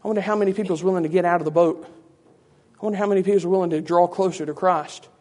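Brief: high-voiced male preacher giving a conversational teaching sermon full of rhetorical asides. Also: fairly even intonation, very fast, darkish tone.

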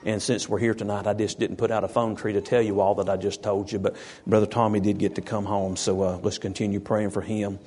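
A man's voice: fairly low pitch, little pitch movement, brisk, few pauses, darkish tone, breathy edge. A man, a pastor giving an informal sermon and teasing his congregation with questions.

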